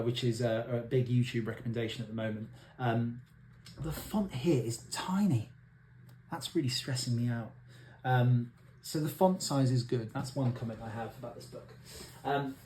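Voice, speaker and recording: Man, young adult, casual book review, thoughtful, hesitant fillers, mid-pitched voice. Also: a little hiss or hum. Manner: thoughtful, soft-spoken, many fillers. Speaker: actor.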